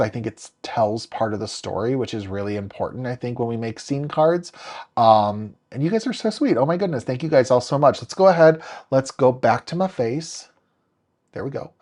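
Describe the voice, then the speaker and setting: Man, lively up-and-down pitch, chatty live-stream crafting host, upbeat. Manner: chatty, upbeat, talks to viewers by name while working. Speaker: card-making tutorial host.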